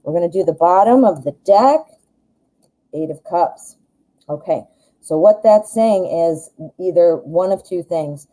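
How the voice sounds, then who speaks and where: A woman's voice: fairly low pitch, expressive, a little slow, mellow, rough recording. A woman giving a chatty live tarot reading, reassuring and thinking aloud with plenty of fillers. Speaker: tarot reader.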